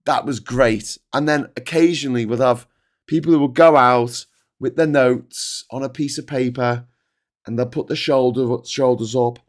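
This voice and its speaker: A middle-aged man hosting a live stream, talking in casual, animated, sweary commentary. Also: mid-range voice, moderate pace.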